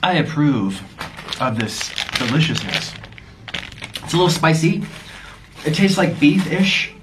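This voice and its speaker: Bubbly young man, lively sing-song voice. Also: fairly high pitch, unhurried, noisy background. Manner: bubbly, gushing, talks to his pets in baby talk. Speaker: vlogger. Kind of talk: casual mukbang chat.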